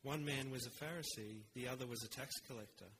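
A man preaching a sermon in an earnest, measured way, with rhetorical pauses. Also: medium pitch, a bit bright, slight background noise, poor audio.

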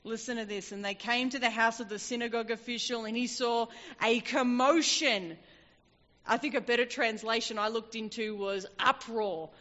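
A woman preaching a sermon, telling a scripture story with lively acted-out voices. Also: fairly high pitch, normal speed. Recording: dull, echoey hall.

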